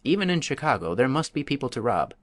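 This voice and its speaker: A man voicing a solemn, earnest bandit in a storybook reading, speaking slowly and gravely. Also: mid-range voice, sing-song, dry recording, voice pushed up, close to an everyday voice. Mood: eager.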